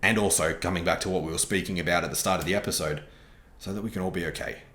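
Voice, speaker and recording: A man's voice: sits low, fairly even intonation, rapid-fire, fairly bright tone, roomy sound. A young Australian man hosting a podcast, talking earnestly and openly in a reflective solo monologue, swearing casually along the way. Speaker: podcast host.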